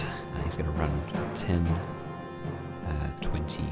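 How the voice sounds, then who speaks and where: A man acting as game master, narrating a tabletop game in a relaxed, chatty way and laughing often. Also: deep voice, normal speed, over music.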